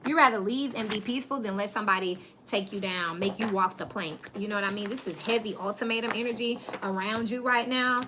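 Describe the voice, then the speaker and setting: A woman's voice: mid-range voice, a little fast, few pauses, background noise. A woman giving a casual tarot reading, talking bluntly and plainly to her viewers. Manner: blunt, plain-spoken, animated storytelling. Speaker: tarot reader.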